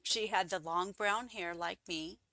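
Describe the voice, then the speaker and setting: A woman who is a guest on an interview show, telling her stories casually and acting out the quoted voices with big jumps in pitch. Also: a little slow, pushed and bright, no room sound.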